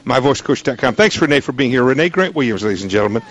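A man's voice: mid-range voice, animated, fast talker, highs cut off. A male radio talk show host interviewing a guest in an emphatic, joking way, with frequent restarts. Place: radio studio.

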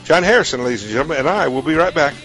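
A man's voice: fairly high pitch, lively intonation, very fast, over music. A man hosting a radio talk show, chatting folksily with a guest and often restarting his sentences.

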